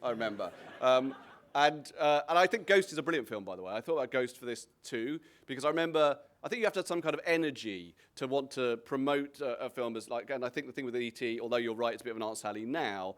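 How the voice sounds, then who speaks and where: A man, a comedian, telling anecdotes in a relaxed, reflective way, often restarting his sentences. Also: medium pitch, fast. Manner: rambling, self-interrupting, reflective. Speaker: guest comedian.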